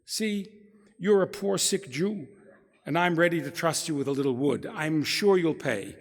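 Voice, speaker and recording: A humble old rabbi disguised as a peasant gently chides someone, as a man reading a story aloud voices him. The voice is gravelly. It echoes with the long reverb of a large hall. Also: on the high side, measured pace, voice pushed up. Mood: reproachful. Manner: gently reproachful.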